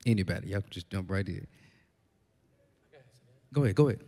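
A man moderating a church panel discussion. He introduces guests energetically and poses questions with a relaxed, halting delivery. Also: low-pitched. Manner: energetic introductions, then relaxed and hesitant with fillers. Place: church sanctuary with an audience. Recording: long hall reverb with a faint audience.

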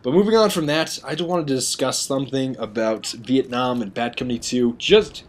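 A man's voice: medium pitch, normal speed, slight background noise. Rambling man narrating gameplay. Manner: rambling, self-mocking, chatty. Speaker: gaming commentator. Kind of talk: video game commentary voice-over.

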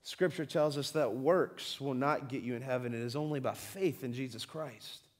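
A man preaching a church sermon, full of rhetorical questions, swinging between loud emphasis and quiet, low-key appeals. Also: normal speed. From southern United States. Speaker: pastor. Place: church sanctuary.

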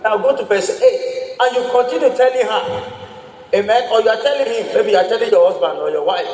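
A man's voice: high-pitched, brisk, darkish tone. A man, a pastor preaching a sermon and calling out to the congregation for responses. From Nigeria. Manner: emphatic preaching with call-and-response. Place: large church hall. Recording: echoey church hall, mic at a distance.

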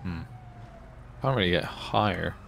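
A man's voice: low-pitched, lively intonation, measured pace, gravelly, very noisy. A young man streaming a police role-play game, joking with a friend and barking commands at suspects. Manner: loud, bossy commands in character, joking asides. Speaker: streamer playing a police officer.

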